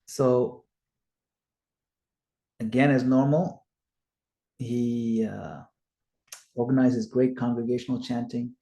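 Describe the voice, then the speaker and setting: A man teaching a scripture study and retelling the story as an animated storyteller who acts out the quotes. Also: medium pitch, gravelly. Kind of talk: storytelling lecture. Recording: echoey room.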